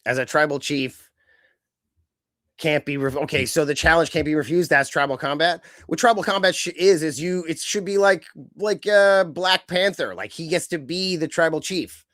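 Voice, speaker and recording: A man with a slightly higher voice co-hosts a casual chat show. He rambles in long, excited runs and keeps slipping into quick impressions of other people. The sound is dry and close. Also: no echo. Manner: rambling, animated, acts out quotes. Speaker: podcast co-host.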